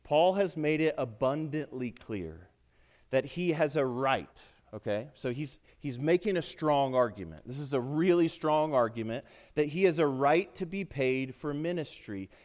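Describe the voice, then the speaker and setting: A priest delivers a sermon in church, his voice sitting a little above the usual male pitch. He preaches in an animated, conversational way and swells in force when he acts out quoted lines. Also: measured pace.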